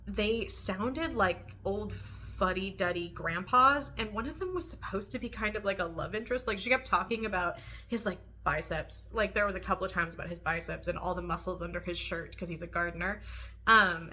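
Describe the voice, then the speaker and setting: A young woman with a bright, crisp voice chats to camera about books she has read. She is animated and quick to laugh, and she fills her pauses with "um" and "like". Her pitch sits in an everyday middle range. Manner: chatty, animated, laughs often, many "um" and "like". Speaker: book reviewer. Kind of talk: casual book review vlog.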